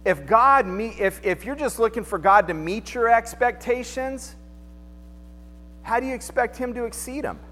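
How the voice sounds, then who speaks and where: High-voiced preacher man in a reverberant church. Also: expressive, normal speed, a bit bright, a little hiss or hum. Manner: conversational preaching with rhetorical questions. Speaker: pastor. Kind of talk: sermon. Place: church sanctuary. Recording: long hall reverb, faint music behind.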